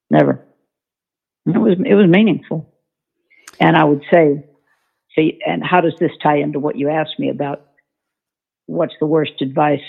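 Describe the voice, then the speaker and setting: A woman's voice: deep voice, gravelly, breathy edge. A woman, an author on horsemanship, telling a story in an interview in a folksy, emphatic way. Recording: tinny phone-line sound.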